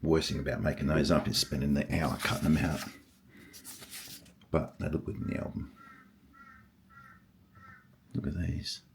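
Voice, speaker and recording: An older man who collects stamps, talking casually and husky-voiced, murmuring and exclaiming to himself as he sorts. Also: extremely low pitch, little pitch movement, moderate pace, pauses often, background noise. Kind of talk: casual vlog, thinking aloud while sorting.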